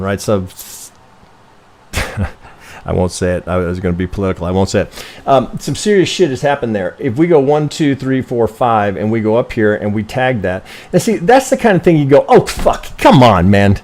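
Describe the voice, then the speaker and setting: A man with a fairly low, slightly mellow voice teaches a loose live-stream lesson as a trading educator, thinking aloud while reviewing member charts. He rambles and swears bluntly, keeps correcting himself mid-sentence, and constantly asks his viewers "right?"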